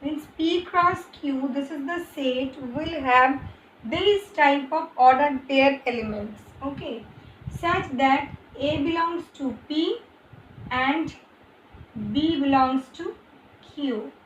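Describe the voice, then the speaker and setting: A woman with an Indian English accent teaches a math lesson in a high voice. She speaks slowly, restating each point more than once. The recording sounds roomy, with faint background noise. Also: lo-fi sound. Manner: slow, repeats and rephrases points. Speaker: maths teacher. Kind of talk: explaining math on a board. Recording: echoey room, faint ambient noise.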